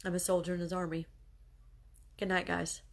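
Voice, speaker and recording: A middle-aged woman speaks straight to her audience in a lowish voice, tearful and halting. Her talk is earnest and pleading, pushing on through the tears. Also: flat delivery, gravelly. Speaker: bereaved mother addressing followers. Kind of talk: emotional direct-to-camera talk.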